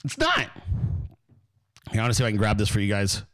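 A man's voice: lowish voice, wildly swooping pitch, fast talker, fairly bright tone. A man hosting a political commentary show, ranting and mocking with constant swearing.

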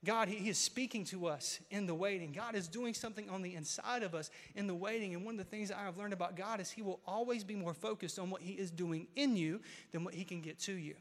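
A man in his thirties preaching a sermon as pastor, repeating key lines and building to loud, emphatic peaks. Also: sits high, quick pace, few pauses. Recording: hall reverb.

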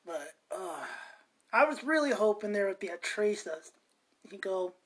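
A woman talks through her opinions in a loose, rambling podcast monologue. She starts sentences over and trails off, and her pitch stays middling. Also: animated, unhurried, breathy edge. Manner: chatty, meandering, self-interrupting. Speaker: podcast host. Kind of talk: casual ranting monologue.

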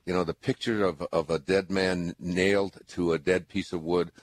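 Earnest low-voiced older man rambling. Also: level tone, moderate pace. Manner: rambling, earnest, with many restarts. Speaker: radio show host. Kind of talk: spiritual advice to a caller.

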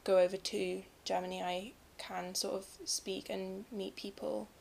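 A woman's voice: medium pitch, little pitch movement, a little slow, vocal fry, a little mellow, slight background noise. A young woman from England in a casual chat, talking in a chatty, thoughtful way with lots of fillers.

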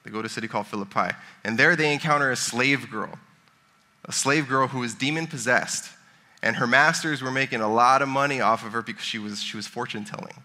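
A man's voice: medium pitch, a little fast, pushed and bright. A man in his thirties giving a casual sermon, chatting and joking with the congregation. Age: 30s. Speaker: pastor.

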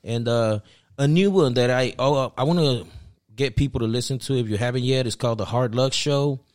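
A man hosting a podcast, giving shout-outs in a laid-back way with lots of fillers and casual swearing. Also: medium pitch, fairly quick. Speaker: podcast host. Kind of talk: casual chat.

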